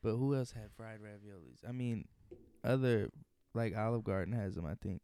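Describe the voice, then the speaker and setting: This is a young man from Indiana co-hosting a casual podcast. He jokes loudly and swears freely, his voice smooth and clear. The room sounds dry and close. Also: on the low side, normal speed, no room sound. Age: young adult. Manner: loud, profane, joking banter. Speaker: podcast co-host. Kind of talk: casual chat.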